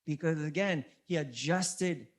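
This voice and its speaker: High-voiced earnest male pastor. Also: unhurried. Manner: earnest, repeats key words for emphasis; conversational preaching with many restarts. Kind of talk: sermon.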